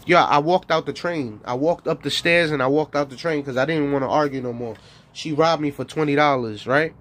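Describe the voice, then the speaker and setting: A man's voice: fairly high pitch, expressive, normal speed, fairly bright tone. A man giving a rambling, profane monologue as a streamer, bragging and laughing often between lines. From New York.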